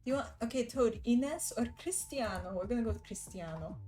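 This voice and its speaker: A woman's voice: fairly high pitch, lively intonation, brisk, dark tone, faint music behind, rough recording. A woman live streamer in casual, rambling chat who laughs often.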